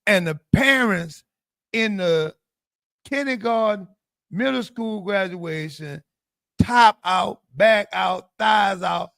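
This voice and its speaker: A man, co-hosting a casual chat and handing out advice in animated, preachy lists. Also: high-pitched, slow pace, creaky, no echo, studio quality. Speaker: co-host.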